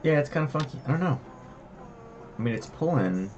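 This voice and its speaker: A man's voice: on the high side, lively intonation, a little fast, darkish tone, highs cut off, a little hiss or hum. A man hosting a casual trading livestream from his home desk, chatting loosely with lots of fillers. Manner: rambling, chatty, many fillers. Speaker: trading stream host.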